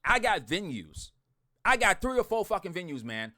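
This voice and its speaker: A man ranting bluntly to his online group, swearing a lot, repeating himself and swinging from loud outbursts to muttering. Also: high voice, very animated, moderate pace. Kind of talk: heated profane rant to followers.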